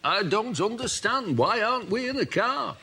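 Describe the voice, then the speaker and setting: Man as a flustered PM, stammering and chuckling; lively, slightly raised voice over loud noise. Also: high-pitched, moderate pace. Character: bumbling posh British male prime minister.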